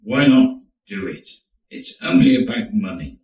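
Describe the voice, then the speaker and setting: A man's voice: on the low side, expressive, measured pace, phone-quality sound, pitched above the performer's own voice. Scheming, persuasive young woman, voiced by a male storyteller; roomy, distant sound. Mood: coaxing. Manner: coaxing, persuasive. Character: scheming young Thai woman, sweet-talking.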